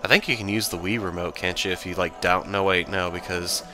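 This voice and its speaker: A man's voice: low voice, fairly even intonation, fairly quick, sharp tone, faint music behind. A man casually commenting on a video game he plays, rambling, joking and correcting himself. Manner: rambling, jokey, self-correcting. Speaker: let's play host.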